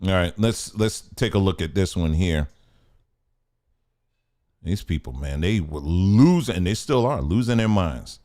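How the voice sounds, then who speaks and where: A man's voice: deep voice, animated, measured pace, pauses often, dark tone. A man hosting a casual commentary show, talking in a blunt, emphatic, colloquial way.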